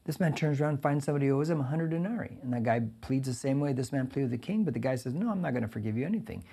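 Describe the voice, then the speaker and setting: A male pastor giving a conversational verse-by-verse sermon, reading scripture and breaking in with lively asides. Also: medium pitch, racing, husky. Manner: conversational, animated preaching with asides.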